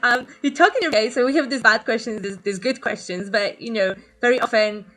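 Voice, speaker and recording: A woman's voice: fairly high pitch, fairly quick, fairly bright tone. Hesitant woman hosting an interview. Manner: hesitant, many fillers and restarts. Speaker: interview host. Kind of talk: casual interview.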